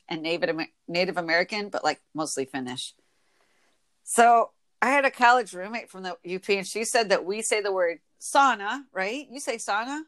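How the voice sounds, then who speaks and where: A woman in her twenties from Michigan with an Inland North accent, chatting casually as a podcast host, a bit nasal and quick to laugh. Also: medium pitch. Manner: chatty, laughs often, quick when excited. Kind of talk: casual chat.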